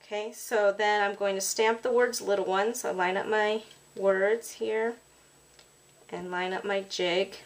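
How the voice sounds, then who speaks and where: A woman's voice: mid-range voice, fairly even intonation, a little slow, background noise. Chatty woman narrating a craft tutorial. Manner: chatty, apologetic, lots of ums. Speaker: card-making demonstrator.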